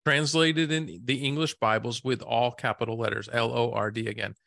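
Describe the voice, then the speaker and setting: A man's voice: medium pitch, fairly even intonation, normal speed, creaky, fairly bright tone, dry recording, studio quality. A man co-hosting a podcast, reading from his notes and asking prompting questions in a casual Bible discussion. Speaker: podcast co-host.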